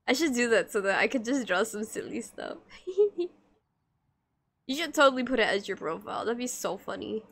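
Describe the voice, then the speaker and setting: A woman's voice: fairly high pitch, sing-song, normal speed, gravelly, long pauses, slightly rough. A woman streamer chatting casually with her viewers while she draws, giggly and playful as she teases her chat.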